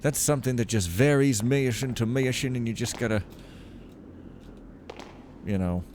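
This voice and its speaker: A man's voice: mid-range voice, moderate pace, a little mellow, a little hiss or hum. Rambling, jokey man talking over gameplay. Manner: rambling, jokey, reads in-game letters aloud with a raised voice. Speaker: gameplay commentator. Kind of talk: casual let's-play commentary.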